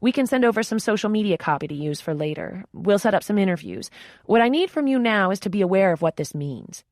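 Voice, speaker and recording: A woman voicing a brisk, serious female publicist who speaks in a crisp, firm, businesslike way. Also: medium pitch, very animated, a little mellow, no echo, clean studio sound, voice pushed up.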